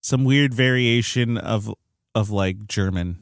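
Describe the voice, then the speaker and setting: A man's voice: fairly low pitch, slow, dry recording, clean studio sound. A man co-hosting a podcast in casual chat, rambling and hedging a lot, with some swearing. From United States. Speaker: podcast co-host.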